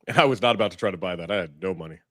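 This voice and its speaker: A man's voice: low-pitched, racing, no room sound, clean studio sound. A man co-hosting a podcast, chatting casually in a joking, rambling, self-deprecating way. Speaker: podcast co-host. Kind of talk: casual chat.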